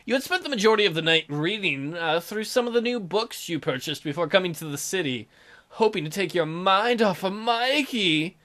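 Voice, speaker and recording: A man's voice: sits high, animated, moderate pace, pushed and bright. A man hosting a let's play, reading the game's narration aloud and joking between lines. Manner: reads narration aloud with playful asides. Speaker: let's play host reading the game text.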